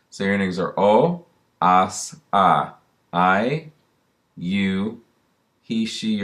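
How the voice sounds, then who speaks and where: Low-voiced man teaching a language lesson. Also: a bit bright. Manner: patient, repeats drill words slowly for learners. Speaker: Spanish teacher. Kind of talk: recorded classroom lesson narration.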